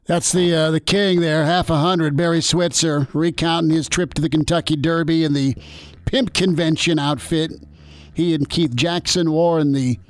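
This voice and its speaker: Higher-voiced male sports radio host. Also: dry recording. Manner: halting questions, plain read ad copy. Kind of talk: sports talk radio interview.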